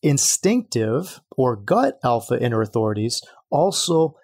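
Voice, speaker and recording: A man's voice: mid-range voice, big pitch swings, measured pace, darkish tone, breathy edge. A man hosting a solo podcast, talking earnestly and a bit preachily straight to his listeners. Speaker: podcast host. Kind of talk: solo podcast teaching talk.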